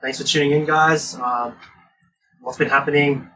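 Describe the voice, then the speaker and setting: A laid-back man co-hosting a podcast, calmly walking through what the show will cover at a mid pitch. He sounds set back from the mic, with a clear bed of background noise. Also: moderate pace. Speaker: podcast co-host. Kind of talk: casual podcast banter. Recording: distant mic, noisy.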